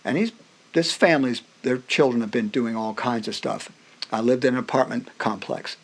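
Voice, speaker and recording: A middle-aged man of middling pitch tells stories from his own life as a podcast guest. His voice rises and falls freely as he acts out what others said, and he often breaks off and restarts his sentences. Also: normal speed. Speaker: podcast guest, music professor. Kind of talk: personal storytelling in a conversation.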